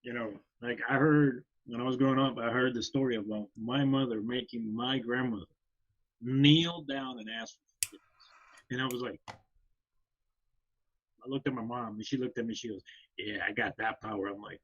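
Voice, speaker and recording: A man's voice: medium pitch, normal speed, muffled recording. A man co-hosting a casual podcast chat, talking loosely with many fillers. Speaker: podcast co-host.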